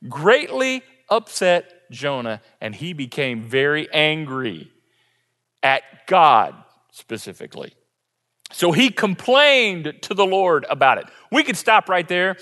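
A man preaching a sermon as pastor, telling a story with lively, acted-out quotes. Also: sits high, in a large hall. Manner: animated storytelling, acts out quotes. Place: church sanctuary.

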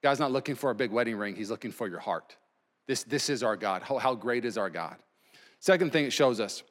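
A man preaching a sermon as pastor, emphatic, swinging between loud and hushed delivery. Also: mid-range voice, expressive, brisk. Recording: long reverb from a large hall.

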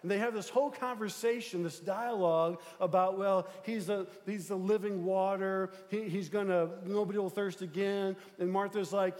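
A man's voice: high-pitched, fairly even intonation, normal speed, hardly any pauses, a little mellow. A male pastor delivering a conversational sermon, often adding fillers and checking in with the congregation. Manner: conversational preaching with frequent fillers and check-ins. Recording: long hall reverb.

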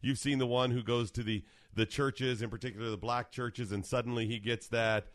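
A man's voice: mid-range voice, fairly even intonation, brisk, dry recording, studio quality. A man co-hosting a political talk radio show, chatting in an easygoing way and reading out listener tweets. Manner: easygoing, reads listener tweets and phone numbers. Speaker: radio co-host.

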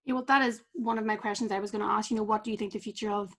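A woman with a Northern Irish accent interviewing a guest, chatty with quick questions. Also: mid-range voice, steady tone, fairly bright tone. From Northern Ireland. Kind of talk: casual interview conversation.

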